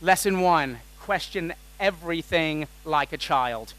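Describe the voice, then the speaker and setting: A man delivers a lively keynote talk from a conference stage. His voice sits a bit on the high side, and he keeps things playful and quick-witted, throwing questions out to the audience as he goes. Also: low-quality recording. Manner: energetic and jokey, quizzing the audience.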